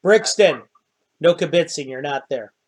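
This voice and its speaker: A man with a fairly high voice leads a tabletop game as game master. He prompts the players with questions as he runs the scene. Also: lively intonation, normal speed.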